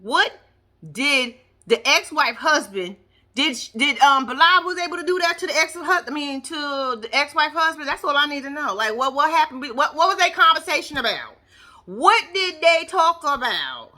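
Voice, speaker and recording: A woman's voice: high-pitched, expressive, normal speed, bright, forceful tone. A woman giving a brash, profane, casual recap of a TV episode, talking straight to her viewers. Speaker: reaction vlogger.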